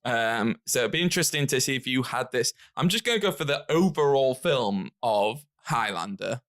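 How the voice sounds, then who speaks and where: A man's voice: medium pitch, moderate pace. British guy hosting a film podcast, bouncy voice going all over, laughs a lot. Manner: laughing, animated, swearing freely. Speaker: podcast host. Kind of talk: casual chat.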